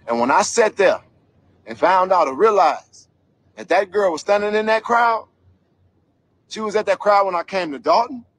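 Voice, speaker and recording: A man's voice: sits high, expressive, normal speed, pauses often, a bit bright. A man giving an angry vlog commentary rant, heated, profane and emphatic. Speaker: commentator investigating a local scandal.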